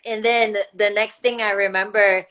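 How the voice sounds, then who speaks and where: A woman's voice: medium pitch, steady tone, normal speed, fairly bright tone. Woman telling a fight story on a call, lots of like, laughs a lot. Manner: laughs often, filler-heavy "like". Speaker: guest fighter. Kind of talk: casual storytelling.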